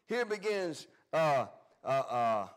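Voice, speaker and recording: A pastor preaching a Bible study sermon in a folksy, plain-spoken way, swinging between loud emphatic bursts and quiet asides. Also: male voice, on the high side, big pitch swings, slow pace.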